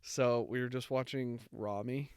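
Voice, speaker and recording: A man's voice: mid-range voice, steady tone, unhurried, a little mellow, smooth, no echo, clean studio sound. A young man co-hosting a casual chat, telling a rambling, heartfelt story with many fillers. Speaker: podcast co-host.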